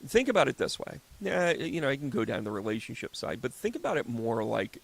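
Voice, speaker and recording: Male host, fifties, gravelly voice, rambling comic storyteller. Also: mid-range voice, sing-song, fairly quick. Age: 50s. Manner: rambling, joking storyteller who acts out little scenes. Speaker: host and psychic medium. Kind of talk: casual solo podcast talk.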